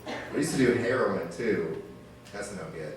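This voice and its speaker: A man's voice: on the low side, expressive, a little slow. A young man doing a stand-up comedy set in a loose, rambling way with crude asides. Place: small arts venue stage. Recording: distant, echoey room with noise.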